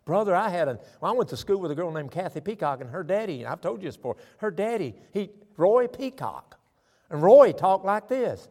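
A man with a Southern accent from Tennessee and Alabama, preaching a folksy, animated sermon with chatty asides. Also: sits high, a little fast. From southern Tennessee and northern Alabama. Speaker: pastor. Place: large church sanctuary. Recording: church hall reverb.

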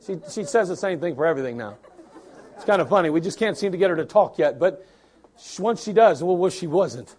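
A man's voice: sits high, lively intonation, brisk, a little mellow, some chatter behind. An older man preaching a sermon as pastor, repeating lines and building to bursts of emphasis.

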